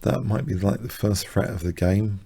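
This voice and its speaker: A tired man commentating his own blitz chess game live, muttering self-deprecating remarks and clearing his throat. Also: sits low, level tone, moderate pace, mellow. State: slightly exhausted, coughing. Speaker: chess streamer.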